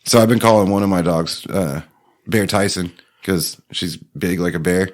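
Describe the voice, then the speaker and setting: A man with a very deep voice co-hosts a casual drinking show. He tells rambling stories in easygoing banter. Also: normal speed. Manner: rambling anecdotes, laughs often. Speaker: podcast co-host.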